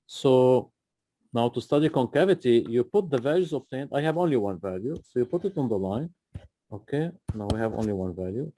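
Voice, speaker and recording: A man's voice: on the low side, warm tone, no echo. A man tutoring a student through a math problem, patient and often checking in with "okay?". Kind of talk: live tutoring session.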